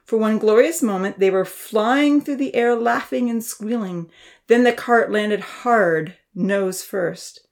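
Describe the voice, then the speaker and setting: A woman's voice: mid-range voice, takes it slowly, creaky. Woman reading a children's story aloud. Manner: expressive, lively reading. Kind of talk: storybook narration.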